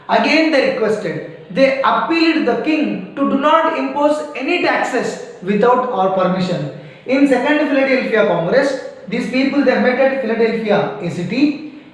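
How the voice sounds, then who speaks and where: High pitched indian english teacher guy, slow, repeats everything, boomy echo and far from the mic. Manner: repeats key phrases, quizzes students. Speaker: school teacher. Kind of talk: classroom lecture. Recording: echoey room, voice from a distance.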